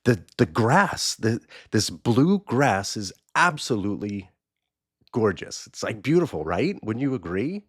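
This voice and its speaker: A man's voice: lowish voice, sing-song, a little slow, slightly rough, dry recording, clean studio sound, heavily acted. A man voicing a stubborn, gloating donkey. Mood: gushing. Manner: insistent, gushing.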